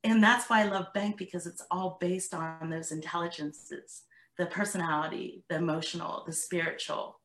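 A woman's voice: on the low side, normal speed. A middle-aged woman, a parenting coach, telling stories in a podcast interview and acting out what she and her daughter said. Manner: animated storyteller, acts out her own and her daughter's lines. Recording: echoey room.

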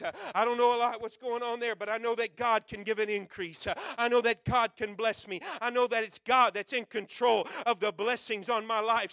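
A man preaching a sermon to young people with fervent delivery, swinging from loud urging to hushed prayer. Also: extremely high pitch, no room sound.

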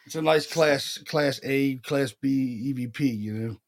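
A man's voice: mid-range voice, unhurried, a little hiss or hum. A man co-hosting a paranormal podcast, telling stories in a loose, casual way with plenty of slang and swearing. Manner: loose storytelling, swears, says dude a lot. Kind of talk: casual chat.

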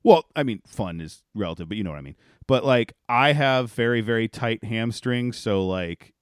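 A man's voice: lowish voice, lively intonation, normal speed, smooth, dry recording, studio quality. A man co-hosting a podcast, chatting casually and rambling, acting out quotes with laughs. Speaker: podcast co-host. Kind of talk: casual chat.

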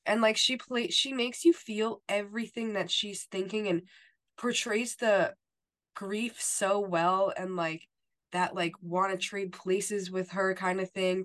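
Lower-voiced woman chatting about a show. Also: a bit bright. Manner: emphatic, heavy use of "like" and "you know". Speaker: podcast co-host. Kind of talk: casual chat recapping a TV episode.

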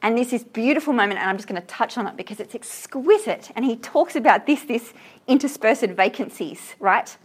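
A woman teaching a class about a poem, reading verse aloud slowly and asking her students questions with enthusiasm. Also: on the high side, animated, slightly rough. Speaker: literature teacher.

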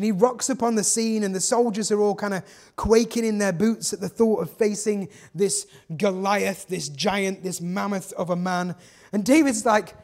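Pastor, high-pitched, energetic, preaches with rhetorical questions. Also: male voice. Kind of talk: sermon.

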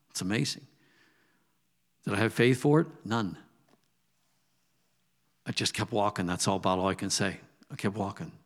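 A man's voice: mid-range voice, fairly bright tone. A male pastor preaching conversationally, telling stories and acting out quoted asides. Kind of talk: sermon.

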